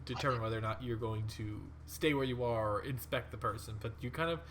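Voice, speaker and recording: A man's voice: medium pitch, fast talker, background noise. A man narrating as dungeon master, rambling with fillers and frequent laughs. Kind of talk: narrating a tabletop game.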